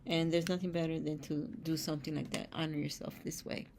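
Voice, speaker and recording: Low gravelly New woman. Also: little pitch movement, fast talker, darkish tone, slight background noise. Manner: blunt, streetwise, swears freely, reads card texts aloud. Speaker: spiritual show host reading oracle cards. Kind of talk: casual oracle card reading with personal asides.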